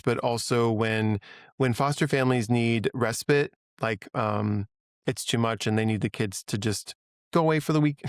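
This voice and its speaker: Casting: middle-aged man, smooth clear voice, dry close sound, earnest and chatty guest. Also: medium pitch, dry recording. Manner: earnest, chatty, laughs easily. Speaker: podcast guest. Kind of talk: casual interview conversation.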